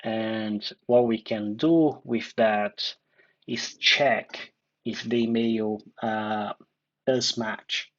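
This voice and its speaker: A man teaching a coding tutorial, thinking aloud with many fillers and restarts, recorded in a dark room at his computer. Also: lowish voice, fairly even intonation, extremely slow, highs cut off. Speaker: coding instructor.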